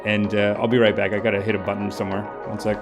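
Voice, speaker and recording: A man's voice: fairly low pitch, level tone, racing, over music. Rambling man hosting a mock-preachy livestream. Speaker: comedy livestream host. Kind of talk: mock-guru livestream banter. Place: home streaming setup.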